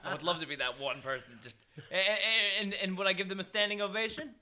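A man co-hosting a casual podcast, talking in an animated, profane way and slipping into mocking voices. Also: high voice, quick pace, a little hiss or hum. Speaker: podcast co-host. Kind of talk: casual chat.

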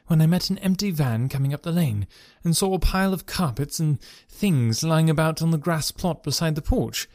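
A man's voice: a little high, darkish tone, dry recording. Man narrating a classic tale, dry and close. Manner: measured, dramatic storytelling. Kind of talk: scripted first-person story narration.

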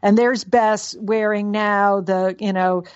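A woman co-hosting a podcast, chatting in a mid-pitched voice. She talks loosely, full of fillers and restarts. The sound is dull and lo-fi. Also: fairly even intonation, takes it slowly, smooth. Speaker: podcast co-host. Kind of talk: casual chat.

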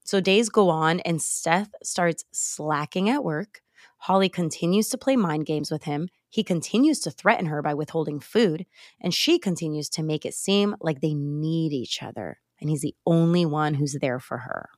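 Young woman, dry close sound, animated storyteller. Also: low voice, moderate pace, no echo. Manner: animated, expressive storytelling with sighs and laughs. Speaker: podcast host. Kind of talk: casual chat, retelling a movie plot. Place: home, late at night. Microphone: remote call recording.

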